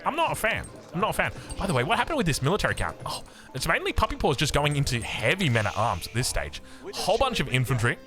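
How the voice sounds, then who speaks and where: Excitable Australian man casting a game. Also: fairly high pitch, fast talker, faint music behind. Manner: excitable, chatty, jokes and digresses. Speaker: game caster. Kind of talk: live strategy game commentary.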